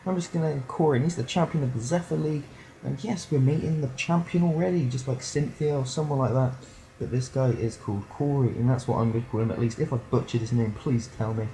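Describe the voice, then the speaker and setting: A man's voice: medium pitch, fast, dark tone. A teenage boy, rambling and joking through a let's play commentary. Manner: rambling, joking, does silly voices for game characters. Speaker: gameplay commentator. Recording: poor audio, slightly distant at times.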